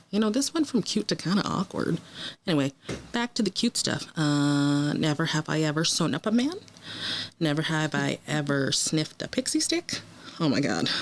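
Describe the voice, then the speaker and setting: Chatty woman with lively pitch. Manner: chatty, animated, talks to the characters on screen. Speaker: podcast co-host reacting to a TV episode. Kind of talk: casual watch-along commentary.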